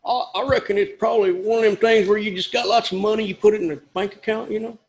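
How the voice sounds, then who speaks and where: A man's voice: high-pitched, fairly even intonation, fast talker. A man giving a casual, rambling literature lecture with emphatic asides.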